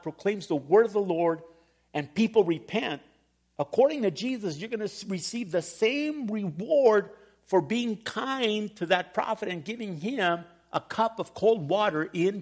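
A middle-aged man preaching a sermon as pastor, telling a personal story with humor and animated emphasis. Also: high voice, unhurried. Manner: storytelling, animated, laughs at himself.

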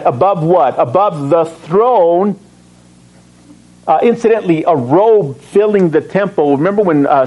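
Pastor guy preaching, kinda high voice, keeps asking the crowd questions. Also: highs cut off. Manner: animated, asks the congregation questions and answers himself. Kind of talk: sermon.

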